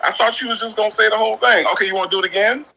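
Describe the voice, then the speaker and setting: A man co-hosting a livestream, rambling and animated. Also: high-pitched, very fast, vocal fry, low-quality recording. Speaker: livestream co-host. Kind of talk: casual livestream talk.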